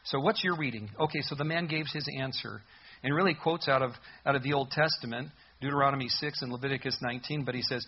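A man's voice: mid-range voice, quick pace, dull audio, slight background noise. A pastor preaching a conversational sermon, explaining scripture with sudden emphatic rises and laughing at his own jokes.

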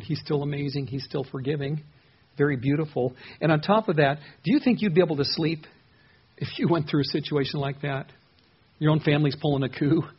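A man's voice: a little high, breathy edge, highs cut off. A man preaching an earnest, conversational sermon on a psalm as a pastor, often restarting his sentences.

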